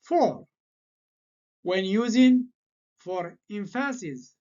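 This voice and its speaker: Slow, deliberate male English teacher. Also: high-pitched, big pitch swings, a little mellow. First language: French. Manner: slow, deliberate explaining with repeated patterns. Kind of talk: grammar lesson. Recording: slightly dull lo-fi sound.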